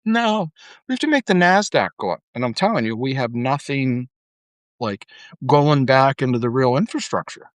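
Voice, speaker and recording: A man's voice: mid-range voice, lively intonation, normal speed, dry recording. A middle-aged man hosting a podcast, ranting casually with frequent swearing and fillers. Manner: ranting, profane, full of fillers. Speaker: podcast host. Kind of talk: casual monologue.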